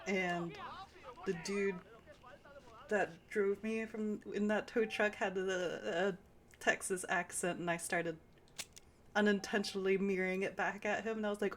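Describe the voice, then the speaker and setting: A woman's voice: medium pitch, steady tone, measured pace, a little hiss or hum, low-quality recording. A woman game streamer chatting casually while she plays, rambling through stories with lots of fillers and easy laughs. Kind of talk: casual chat while playing. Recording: game sounds and hoofbeats loud underneath.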